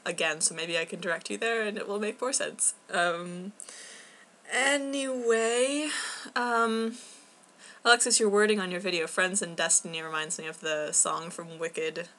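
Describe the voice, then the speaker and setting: Young woman vlogging from home, bright clear voice, kinda rambly and scattered, lots of ums. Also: fairly low pitch, fairly even intonation, normal speed. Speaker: book club vlogger. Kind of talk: casual video blog chat.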